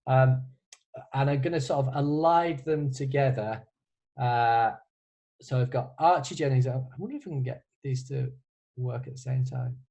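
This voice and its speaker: A man's voice: medium pitch, sing-song, moderate pace, warm tone, low-quality recording. A man who is a composer, answering student questions on a video call in a casual, hesitant way, with many restarts and a wry humor. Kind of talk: casual online Q&A.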